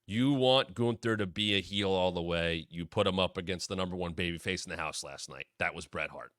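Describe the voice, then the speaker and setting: A man hosting his own wrestling talk show, giving casual solo commentary and quoting people in quick asides. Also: low voice, no echo, studio quality. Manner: animated, drops into quoted voices.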